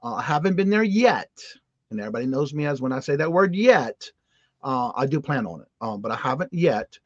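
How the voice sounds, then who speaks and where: A man from Louisiana, a guest reseller, chatting casually and telling animated stories. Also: medium pitch, brisk, no room sound. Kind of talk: casual livestream chat. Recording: dull dry audio.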